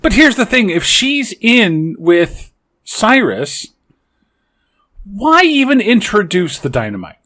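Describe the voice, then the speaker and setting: A man's voice: sits high, very animated, slow pace, bright, forceful tone. A man from Canada co-hosting a movie podcast, questioning plot holes in casual, incredulous chat. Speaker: podcast co-host.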